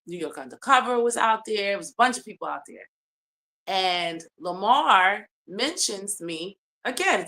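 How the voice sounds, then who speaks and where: A woman giving testimony, telling a long, detailed story with many pauses and ums. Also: medium pitch, bright, forceful tone. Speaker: complainant telling her story. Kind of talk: testimony in a mediated hearing.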